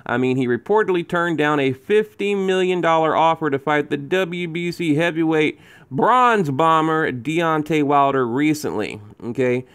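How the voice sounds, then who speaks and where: A man's voice: a little high, normal speed, smooth. Ranting man, boxing commentary. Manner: animated ranting with frequent restarts and asides. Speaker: boxing channel host. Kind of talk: casual commentary, reading news and memes aloud.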